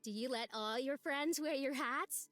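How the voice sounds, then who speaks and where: A woman's voice: high-pitched, a little slow, a bit bright, soft background music, voice pushed up. A woman doing a sing-songy, chirpy park volunteer. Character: cheerful overworked adult woman park volunteer. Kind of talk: reading a visual novel aloud.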